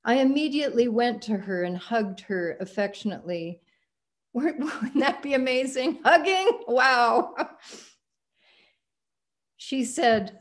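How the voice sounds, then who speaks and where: A woman pastor giving a sermon, reading a passage aloud in a measured, expressive way. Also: on the high side.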